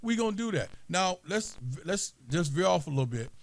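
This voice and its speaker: A man's voice: high-pitched, very animated, a little fast, no echo. A man co-hosting a political talk show, making emphatic points and repeating key lines for listeners. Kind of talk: casual political commentary.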